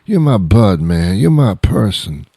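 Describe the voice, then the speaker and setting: A man's voice: lowish voice, big pitch swings, measured pace, creaky, dark tone, husky, dry recording, studio quality, voice pushed up, heavily acted. A man voicing a sloppy, affectionate drunk man who keeps repeating himself and begging for hugs. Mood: clingy. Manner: slurring, repetitive, pleading for hugs.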